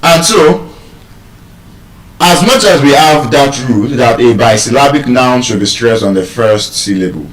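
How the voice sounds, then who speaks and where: A man's voice: mid-range voice, a little slow. A man with a Nigerian accent teaching English pronunciation, quizzing his listeners and calling for answers. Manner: animated, asks the audience questions. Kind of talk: live pronunciation class. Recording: echoey room, mic at a distance.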